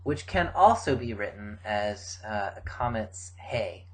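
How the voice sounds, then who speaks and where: A middle-aged man giving a recorded grammar lecture, explaining forms in a measured way with frequent fillers. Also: fairly low pitch, lively intonation, low-quality recording. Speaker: Biblical Hebrew teacher.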